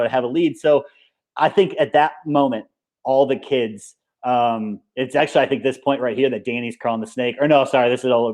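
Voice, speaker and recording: A male coach speaking in a relaxed, conversational way. He acts out remembered exchanges by quoting what people said. His voice sits at a middle pitch. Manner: relaxed, conversational, retells moments with quoted dialogue. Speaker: coach and former pro player. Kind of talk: casual interview.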